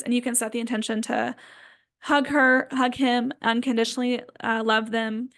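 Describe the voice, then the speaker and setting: A woman energy healer talks softly and loosely, filling her sentences with "um" and "like" as she guides her listeners. Her voice sits a little high. The sound is close and dry, with no room around it. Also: little pitch movement, normal speed, no echo. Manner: gentle, rambling, many fillers. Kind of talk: casual spiritual guidance talk.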